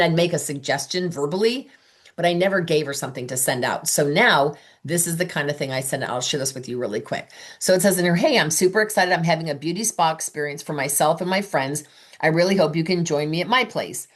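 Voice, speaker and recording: A woman with a low, full voice runs a training session for her sales team. She talks with lively enthusiasm and slips into quick voices for the messages and replies she quotes. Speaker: sales director giving training. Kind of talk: training talk.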